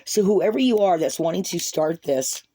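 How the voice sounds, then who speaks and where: A woman's voice: lowish voice, animated, normal speed, dark tone, slight background noise. A woman doing a tarot reading for viewers, talking in an earnest, rambling way and often repeating herself. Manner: earnest, repetitive, rambling, addresses viewers as guys. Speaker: tarot card reader.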